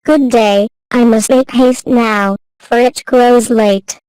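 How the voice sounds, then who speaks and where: A woman's voice: on the high side, fairly even intonation, slow, a little mellow, smooth, dry recording, low-quality recording. A woman reading the lines of a sweet, kind little girl in a storybook, answering politely and eagerly.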